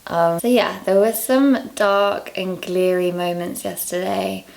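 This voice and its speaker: A young woman from England talking casually to camera in a vlog, candid and quick to laugh at herself, a little out of breath. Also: fairly low pitch, creaky, darkish tone, a little hiss or hum. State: out of breath, low on energy. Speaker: vlogger.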